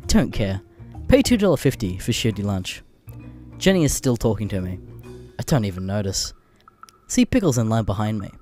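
A man narrating comedic internet stories with crude, deadpan asides, a little under the weather. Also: on the low side, normal speed, long pauses, soft background music. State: a bit sick.

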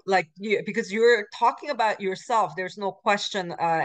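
Woman teaching a lecture, lower voice. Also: moderate pace, hardly any pauses. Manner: explanatory, many fillers and restarts. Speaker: language teacher. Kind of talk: recorded lecture.

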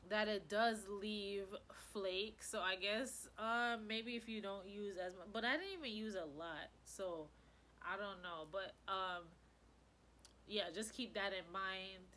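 A woman's voice: mid-range voice, steady tone, takes it slowly, pushed and bright, a little hiss or hum. A woman hair care vlogger chatting casually to camera, effusive and rambling, with a stuffy nose. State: stuffy-nosed.

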